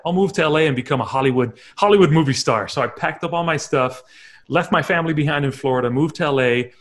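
Candid man telling his life story. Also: medium pitch. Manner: candid, reflective storytelling with acted-out inner quotes. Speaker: confidence coach. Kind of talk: personal story talk.

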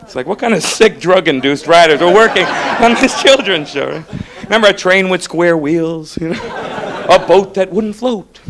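High lively stand-up comic man. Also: normal speed, background noise. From Florida. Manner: animated, bursts into shouted impressions. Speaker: stand-up comedian. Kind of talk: stand-up comedy set. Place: comedy stage before a live audience. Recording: live crowd laughing. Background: audience laughter.

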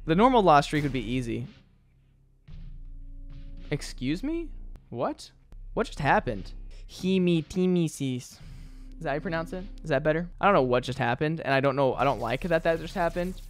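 Playing a video game on stream, a man with a slightly high, very animated voice talks briskly yet leaves long pauses. His casual commentary is often exasperated and self-mocking, with soft music playing in the background.

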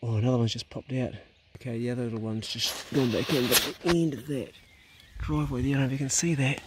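A man's voice: medium pitch, steady tone, fast, background noise. A man filming himself on a farm, giving casual hunting commentary, swearing freely and talking to his dog. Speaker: hunting vlogger. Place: outdoors on a farm.

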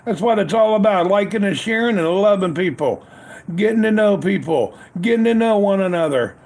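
A man's voice: sits high, expressive, moderate pace, darkish tone. A man hosting a casual live stream outdoors at a grill, greeting chat viewers by name over and over with upbeat, repeated catchphrases. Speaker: livestream host. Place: outdoors at a grill in cold weather.

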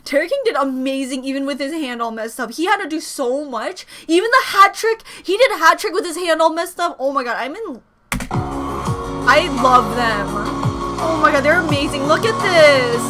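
Very high-voiced, gushing woman reacting. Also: lively intonation, moderate pace, over music. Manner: gushing, swears often, voice jumps sharply. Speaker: reaction video host. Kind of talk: excited fan reaction commentary.

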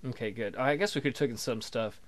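A man's voice: mid-range voice, quick pace. A young man casually commentating as he plays a game, crude and joking, trash-talking the enemy ships. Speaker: let's play commentator.

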